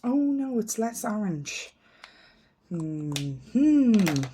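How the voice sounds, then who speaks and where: A woman beauty vlogger chats casually while decluttering her makeup, thinking out loud in a frank, self-mocking way and trailing off into ums. Her mid-range voice has big pitch swings and is extremely slow, over a noisy background.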